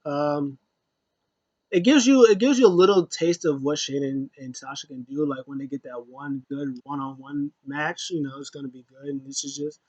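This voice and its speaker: A man's voice: fairly even intonation, normal speed, a little mellow, lo-fi sound. A man casually recapping a wrestling show, rambling with lots of fillers and restarts. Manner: rambling, many fillers and restarts, acts out quotes in a high voice.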